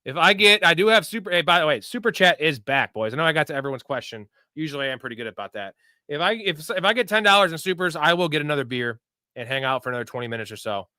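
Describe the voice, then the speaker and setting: A young man hosts a live sports betting stream in loose, swearing bro talk. His voice is bright and forceful, sitting a little high for a man. The sound is dry and close. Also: expressive, quick pace, no room sound. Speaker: host of a live sports betting and fantasy show. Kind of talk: casual livestream chat answering viewer questions.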